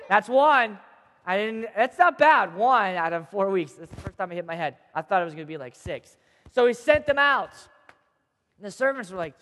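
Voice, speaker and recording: A man teaching a group of kids, telling a Bible story in a chatty, animated way and checking in with them often. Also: sits high, moderate pace. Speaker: youth teacher. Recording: long hall reverb.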